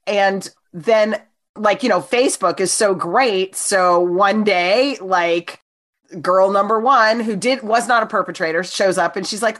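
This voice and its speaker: A woman from New Jersey tells a story in a casual chat, her voice sitting at a middle pitch. She is animated and acts out the lines of the people in her story with big leaps in pitch. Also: a little slow.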